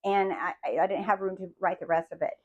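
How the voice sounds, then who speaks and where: A woman's voice: fast talker, lo-fi sound. A woman coach giving a motivational talk to her viewers. She keeps checking in with "do you see?" and acts out the stories she tells. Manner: acts out quotes with big swings in pitch and loudness. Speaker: manifestation coach.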